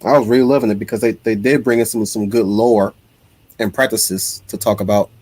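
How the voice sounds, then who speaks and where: A man with a fairly low, slightly breathy voice talks a little quickly on a dry recording. He's hosting a casual livestream, reading out viewer comments and rambling in an animated way, restarting his sentences again and again.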